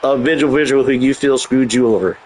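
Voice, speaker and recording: A man's voice: mid-range voice, a little fast, a little hiss or hum, low-quality recording. A man streaming and chatting casually, blunt and profane, who laughs often and reads and answers his live chat.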